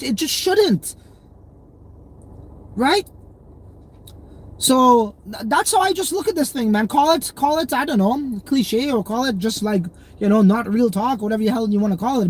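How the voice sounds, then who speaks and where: A man's voice: very high voice, breathy edge. A young man hosting a crypto livestream, chatting loosely in slang and reading viewer comments. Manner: slangy, loose and rambling, many fillers.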